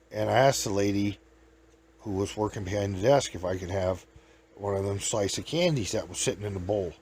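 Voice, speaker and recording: A man's voice: fairly low pitch, a little mellow. Folksy man telling rambling comic stories. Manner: folksy, rambling, laughs at his own stories. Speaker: host.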